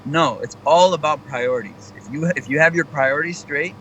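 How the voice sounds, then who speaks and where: Young male comedian guest, fairly high voice, energetic, casual motivational chat. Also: normal speed, a little hiss or hum, low-quality recording. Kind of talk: casual radio interview chat.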